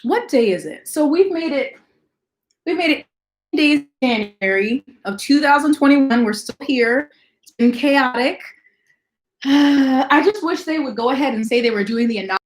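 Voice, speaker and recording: A woman hosting a casual livestream, talking fast and chatting with viewers as she greets them. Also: high-pitched. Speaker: livestream host.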